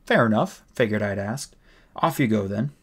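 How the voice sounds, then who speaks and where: A man's voice: on the low side, expressive, moderate pace, creaky, a bit bright, breathy edge, heavily acted. A man voicing a huge male bodyguard, blunt and commanding, as he reads an audiobook. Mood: menacing. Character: huge menacing male bodyguard, calm and threatening.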